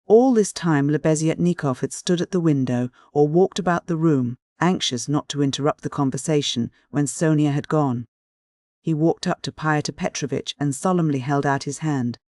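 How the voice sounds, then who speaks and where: A man narrating a classic novel as an audiobook reader, with steady, even delivery. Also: a little high, normal speed, no room sound, clean studio sound. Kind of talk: scripted narration.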